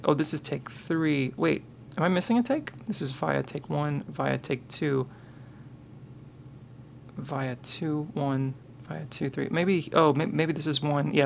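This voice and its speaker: A man's voice: medium pitch, vocal fry, a little hiss or hum. A man on a live stream, thinking aloud and muttering to himself, counting and correcting himself as he works.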